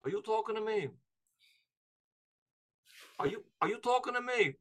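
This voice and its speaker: A man putting on a gruff New York tough-guy movie star voice with a put-on New York accent, a menacing drawl. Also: sits high, animated, normal speed, a bit bright, pitched above the performer's own voice.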